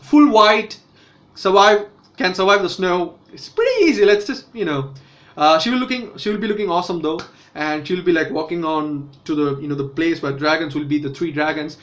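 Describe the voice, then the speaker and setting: A man's voice: on the high side, normal speed, fairly bright tone, highs cut off. A man casually reviewing a TV episode, rambling with fillers and restarts. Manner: rambling, many self-corrections and fillers. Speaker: TV show reviewer.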